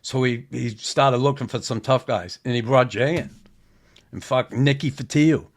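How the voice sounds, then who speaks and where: Blunt, swearing podcast host. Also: male voice, medium pitch, normal speed. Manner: blunt and profane, rambling recollection. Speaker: podcast host, former hockey player. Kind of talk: casual podcast conversation.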